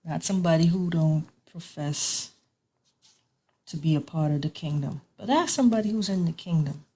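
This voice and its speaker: A woman's voice: low-pitched, moderate pace, mellow, slightly rough. A woman giving an informal online sermon as a Bible teacher, conversational and repetitive, with colloquial grammar.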